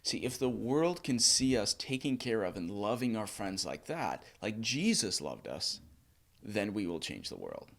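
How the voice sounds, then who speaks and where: A man speaking as a pastor, giving an earnest, story-driven teaching talk with frequent pauses. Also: fairly low pitch, sing-song, creaky. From United States. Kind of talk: house group teaching talk.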